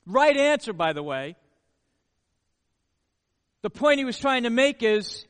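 High-voiced preaching man in a reverberant hall. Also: takes it slowly, pauses often. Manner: animated preaching, repeats words for emphasis, rhetorical questions. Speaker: pastor. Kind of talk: sermon.

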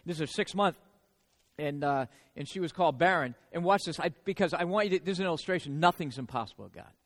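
A man's voice: fairly high pitch, quick pace. A man preaching a sermon in a conversational way, often checking in with his listeners. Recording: long reverb of a large hall.

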